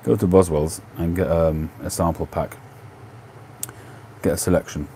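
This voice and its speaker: A middle-aged man with a London Cockney accent talks casually to his livestream viewers. His voice sits very low and dark, and he rambles along in a relaxed way, correcting himself and filling pauses with ums. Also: a little hiss or hum. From England. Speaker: livestream host. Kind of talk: casual chat answering viewer questions.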